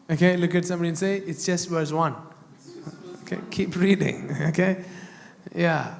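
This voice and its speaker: High-voiced pastor in a reverberant hall. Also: male voice, normal speed, creaky, pauses often. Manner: emphatic, questions and prompts the congregation. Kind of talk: sermon. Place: church hall. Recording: long reverb of a church hall.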